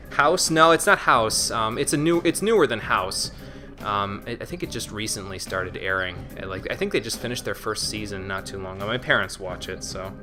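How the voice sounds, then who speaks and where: A man's voice: lowish voice, animated, normal speed, music in the background. A man hosting a casual gaming livestream, chatting easily with viewers and often repeating himself as he talks. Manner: chatty, responds to chat, repeats words. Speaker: livestream host.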